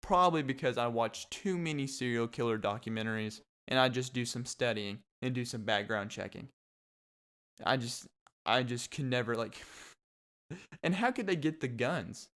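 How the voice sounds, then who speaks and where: Smooth-voiced young man ranting sarcastically. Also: medium pitch, normal speed, fairly bright tone. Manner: sarcastic, laughs often, mocking asides. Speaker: podcast host. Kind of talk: rambling comedic monologue.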